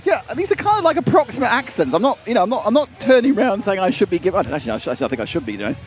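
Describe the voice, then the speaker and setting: A man's voice: high-pitched, very animated, racing. A British man co-hosting a racing live stream, chatty and self-mocking, often laughing. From United Kingdom. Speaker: race stream co-commentator. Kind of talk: casual live-stream chat.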